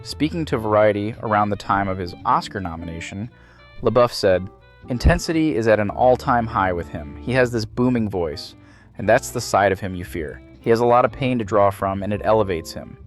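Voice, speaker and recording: A man narrating a scripted video essay about film, measured and analytical. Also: on the low side, lively intonation, soft background music.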